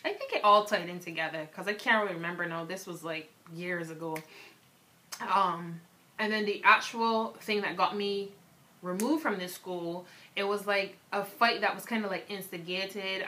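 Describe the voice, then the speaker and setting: A woman's voice: on the low side, pushed and bright. A young woman from Barbados, with a Barbadian accent that drifts toward American, frankly telling stories to camera and filling her talk with "um" and "like". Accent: Barbadian, shifting toward American. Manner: frank and candid, with lots of fillers like "um" and "like". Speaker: vlogger. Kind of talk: casual storytelling to camera.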